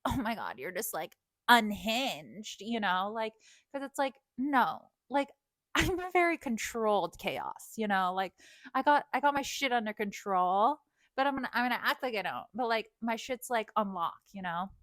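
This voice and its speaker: A woman's voice: fairly high pitch, lively intonation, normal speed, fairly bright tone, no echo. A woman in her thirties telling a storytime rant in casual talk, full of fillers, swearing and laughs. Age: 30s. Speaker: vlogger.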